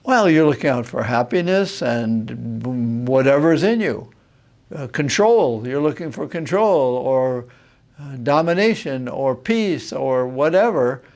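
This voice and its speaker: A man, a Jesuit priest, giving a reflective teaching talk on marriage, thoughtful and unhurried, pausing to find his words. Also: mid-range voice, expressive, darkish tone. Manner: unhurried, thoughtful, pauses with filler sounds. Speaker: Jesuit priest and retreat master.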